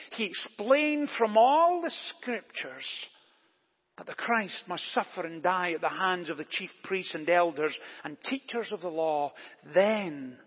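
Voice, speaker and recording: A husky, high-voiced man delivers a deliberate, emphatic sermon from a church, pressing his points with rhetorical questions. His voice carries a long reverb off the church walls. The recording is dull and lo-fi. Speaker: pastor. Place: church during service.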